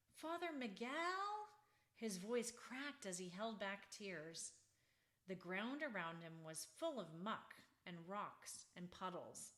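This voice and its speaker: Unhurried woman reading a storybook. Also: lowish voice, fairly bright tone. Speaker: children's book author reading her book. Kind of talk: storybook read-aloud.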